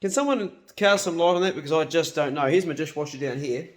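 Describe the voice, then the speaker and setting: A man's voice: a little high, fast. Blunt swearing New man in his fifties. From New Zealand. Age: 50s. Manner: blunt, swears freely, laughs easily. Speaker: hunting and cooking vlogger. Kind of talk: casual chat to camera. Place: home kitchen, indoors.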